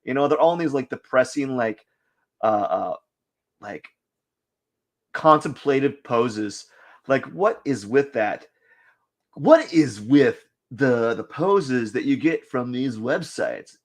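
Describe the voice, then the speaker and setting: A man's voice: mid-range voice, big pitch swings, measured pace. Rambling, joking man drawing on a live stream. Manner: rambling, joking, puts on silly voices for figures. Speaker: artist streaming a drawing session. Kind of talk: casual live-stream chatter while drawing.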